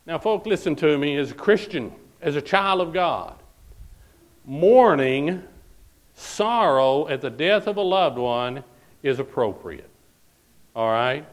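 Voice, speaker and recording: A man's voice: medium pitch, rough recording. A man preaching a sermon, reading scripture aloud and pressing each point with repeated phrases and "All right?".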